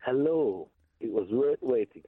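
A man's voice: mid-range voice, lively intonation, unhurried, breathy edge, no echo. A man calling in to a radio show who explains himself earnestly and defensively. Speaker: radio caller. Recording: tinny phone line.

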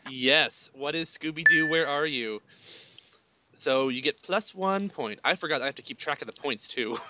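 A man's voice: on the high side, normal speed, heavy background noise. A man hosting a playful quiz game on a podcast, explaining the rules and laughing often. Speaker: quiz host.

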